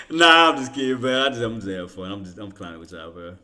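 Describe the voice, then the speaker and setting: Trading streamer, man, bright voice, playful laughing banter with viewers. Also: on the low side. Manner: loose casual slang. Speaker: stock trading livestream host. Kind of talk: casual livestream commentary to chat.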